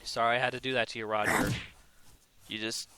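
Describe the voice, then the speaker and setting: A man's voice: mid-range voice, little pitch movement, fairly quick, heavy background noise. A young man giving casual, jokey commentary on his own gameplay, talking to himself with sudden exasperated outbursts. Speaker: gaming YouTuber.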